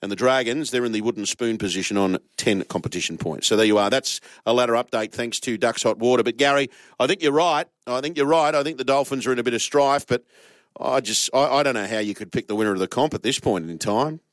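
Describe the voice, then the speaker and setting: A man's voice: medium pitch, quick pace, dry recording. An Australian man hosting a sports radio show, bantering with co-hosts and reading out the league ladder in a teasing way. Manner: teasing, reads out ladder standings.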